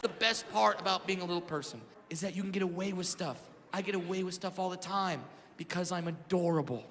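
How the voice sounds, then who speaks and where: This high-pitched, brisk voice belongs to a man in his thirties doing a brash stand-up set before a live audience, acting out the voices in his stories. He uses a handheld stage mic, and the venue is reverberant with loud crowd noise.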